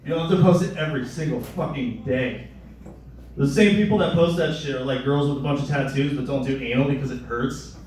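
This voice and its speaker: A young man performing a crude, rambling stand-up comedy set, jumping into loud high voices for the people he quotes. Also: a little fast. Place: live comedy club. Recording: echoey room, mic a bit distant.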